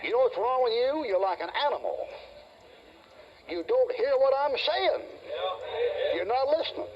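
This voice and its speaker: A man's voice: very high voice, big pitch swings, moderate pace, crowd noise. Older man preaching a fiery sermon. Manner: yelling, growling, mocking. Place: church before a congregation. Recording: muffled old tape with hiss.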